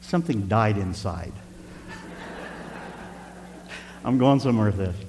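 A male preacher telling a personal story in a sermon, animated and speaking straight to the congregation. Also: fairly low pitch, takes it slowly. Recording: reverberant hall with faint hum.

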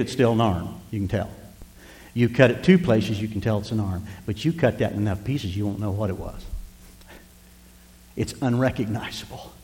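A male pastor preaches with passion, pleading softly one moment and driving loudly the next. His voice sits in a middle register. The sound carries the long reverb of a church sanctuary. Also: medium pitch. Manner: impassioned, swinging between hushed pleading and loud preaching. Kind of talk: sermon.

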